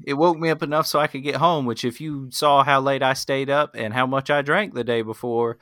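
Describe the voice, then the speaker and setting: Bright, wisecracking man on a podcast. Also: mid-range voice, steady tone, fairly quick, no room sound, clean studio sound. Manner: wisecracking, punny. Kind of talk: casual podcast banter.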